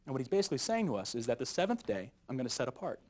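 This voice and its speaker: A man teaching a youth Bible study lesson in a jokey, animated way, often chuckling at his own jokes. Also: medium pitch, very fast.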